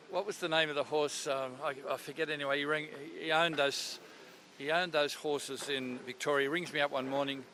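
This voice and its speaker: A man's voice: on the high side, pushed and bright, slight background noise. An older Australian man, a radio presenter, chatting in a rambling, storytelling way, interviewed outdoors at a racetrack. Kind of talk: casual interview chat.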